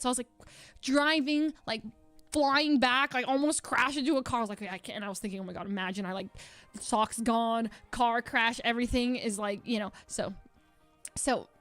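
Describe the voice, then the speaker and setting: A young woman livestreams a rambling story, her voice sitting a little on the high side and full of filler words and quick laughing asides. The sound is dry and close, with faint music in the background. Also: fairly even intonation, a bit bright, no echo. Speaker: streamer. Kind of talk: casual storytelling.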